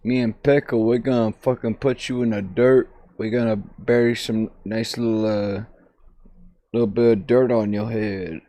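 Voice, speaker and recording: A man's voice: fairly low pitch, steady tone, normal speed, dark tone, no room sound. A man streaming a VR game, chatting casually, rambling and goofy with sing-song repetitions on a headset mic.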